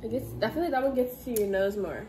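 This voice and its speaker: A woman's voice: fairly high pitch, fast, noisy background. Teasing young woman in an echoey room. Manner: teasing, laughs a lot, counts down. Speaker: co-host running the challenge. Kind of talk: casual chat. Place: house, indoors. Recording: roomy echo.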